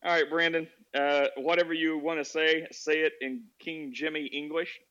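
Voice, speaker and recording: A man's voice: a little high, level tone, normal speed, pushed and bright, clear, resonant tone, dull audio. A man hosting a casual group chat, who jokes a lot and says "like" often.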